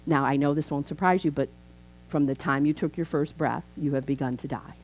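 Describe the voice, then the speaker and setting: A woman in her fifties, a minister, preaching a chatty, animated sermon in a church. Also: sits low, fairly quick, slight background noise, rough recording. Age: 50s. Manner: animated, chatty, acts out quoted voices. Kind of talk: conversational sermon.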